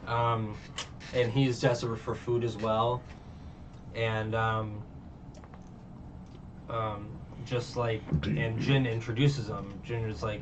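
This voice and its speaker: A man's voice: lowish voice, flat delivery, normal speed. A man giving a casual, rambling recap of a show, full of fillers and laughs. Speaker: reviewer. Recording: distant dull mic with faint noise.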